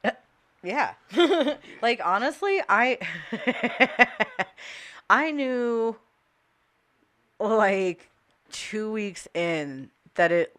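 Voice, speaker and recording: A young woman from the Midwest, speaking as an interview guest in a passionate, halting way with many fillers. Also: fairly high pitch, lively intonation, fairly bright tone. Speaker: interview guest, cannabis and labor advocate. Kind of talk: casual conversational interview.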